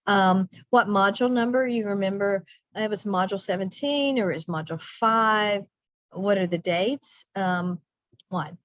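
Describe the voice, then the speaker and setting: A woman's voice: mid-range voice, unhurried, a bit bright, no room sound. A middle-aged woman walks teachers through a planning workshop. She keeps it chatty and upbeat, dropping playful asides between points. The recording is dry and slightly muffled, like a computer mic. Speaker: teacher trainer.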